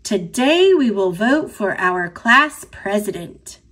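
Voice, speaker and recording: A woman voicing a kind, patient schoolteacher who sounds gentle and encouraging in a picture book read-aloud. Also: medium pitch, sing-song, takes it slowly, breathy edge, heavily acted.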